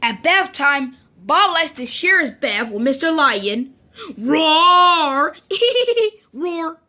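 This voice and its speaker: A woman reading a children's picture book aloud in an animated, sing-song storyteller manner. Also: high-pitched, measured pace.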